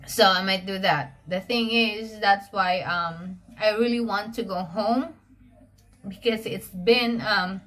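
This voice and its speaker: A woman from the Philippines with a Filipino accent, recording a personal video diary at home, emotional and close to tears, speaking haltingly with many fillers and restarts. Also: medium pitch, fairly even intonation, fairly bright tone. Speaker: vlogger.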